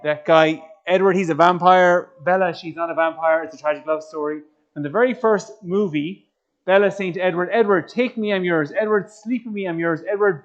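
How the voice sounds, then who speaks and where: A man's voice: on the high side, dull audio. Joking Irish man quizzing his audience. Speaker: youth speaker. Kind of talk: lively faith talk to a youth audience.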